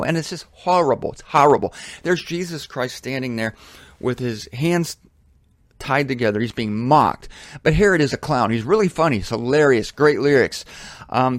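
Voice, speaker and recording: A man's voice: mid-range voice, lively intonation, normal speed, no room sound. A man preaching a sermon on headphones in a blunt, indignant, emphatic way. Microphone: headphones on, close mic.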